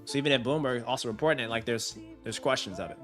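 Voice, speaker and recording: A man's voice: mid-range voice, fast, a bit bright, soft background music. A man hosting a casual live stream, hyped and slangy, talking to his chat. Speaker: finance streamer.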